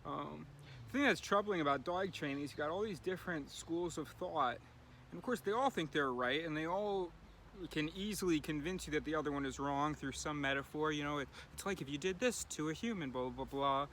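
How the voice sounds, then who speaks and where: Male vlogger, casual musing delivery, bright tone, light street noise. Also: fairly high pitch, brisk. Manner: rambling, thinking aloud with many fillers. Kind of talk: casual daily video diary.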